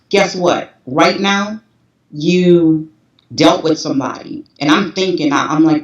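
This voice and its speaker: A woman's voice: deep voice, a little slow. A woman in her forties tells her own story candidly, emotional and restless, circling back over the same words. She sits some way from the mic in an echoing room, and the sound is dull and muffled. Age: 40s. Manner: emotional, restless, repeats herself. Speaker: guest. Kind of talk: candid personal testimony. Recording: roomy, distant, dull sound.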